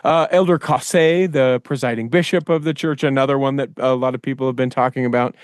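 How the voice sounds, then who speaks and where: Male podcast host, smooth clear voice, dry close sound, casual and rambling. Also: mid-range voice, fairly even intonation, fairly quick, no echo. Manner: rambling, thinks aloud with many fillers. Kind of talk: casual chat.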